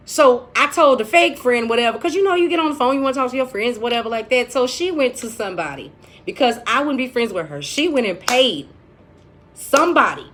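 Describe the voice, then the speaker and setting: A woman's voice: fairly high pitch, fairly bright tone. A woman telling a personal story in a casual vlog, blunt and chatty, full of profanity and dramatic asides.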